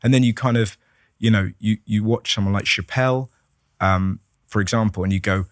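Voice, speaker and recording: A man, a comedian guest chatting on a podcast, telling animated stories, acting out voices and swearing freely. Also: on the low side, normal speed, dry recording, studio quality. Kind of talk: casual podcast conversation.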